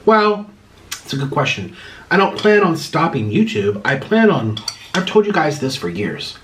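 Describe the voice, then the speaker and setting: A young man talks through a spicy meal in a loose, rambling way, clearing his throat between bites. His pitch swings widely as he chats, and a faint hiss sits under the recording. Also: big pitch swings, normal speed, poor audio. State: mouth burning from spicy food. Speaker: vlogger. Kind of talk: eating vlog and Q&A.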